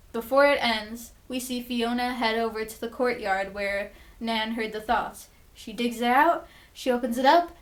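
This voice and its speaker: Excitable young woman recapping a TV episode. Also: a little high. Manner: chatty, excitable, swears, acts out quotes. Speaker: vlogger.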